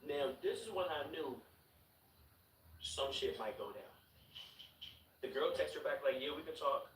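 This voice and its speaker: A man's voice: medium pitch, unhurried, recorded from a distance, a little hiss or hum. A man in his twenties from Chicago, telling a story to his stream chat. He talks casually with a lot of swearing and repeated words. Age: 20s. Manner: animated, profane, repeats words and laughs while telling the story. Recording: roomy room, mic set back.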